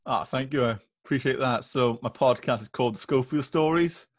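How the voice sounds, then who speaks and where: A man's voice: medium pitch, fairly quick, no echo, studio quality. A young man, a student, chatting casually as a podcast guest, hesitant and easygoing. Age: young adult. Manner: hesitant, restarts and fillers, easygoing.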